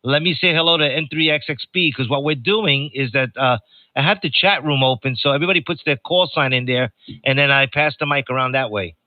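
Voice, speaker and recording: An older New York man hosts a ham radio net, reading out call signs amid chatty, joking banter. His voice is medium-pitched and brisk, and the noisy radio transmission sounds narrow and tinny.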